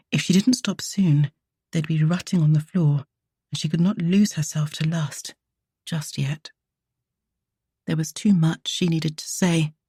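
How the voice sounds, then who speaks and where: Low, husky woman narrating romance. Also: dark tone, no echo, clean studio sound. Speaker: audiobook narrator.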